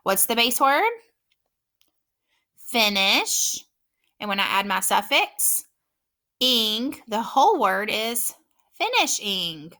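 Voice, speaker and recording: A woman teaching a phonics lesson, patiently sounding out words slowly and clearly. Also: fairly high pitch, expressive, sharp tone. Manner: patient, encouraging.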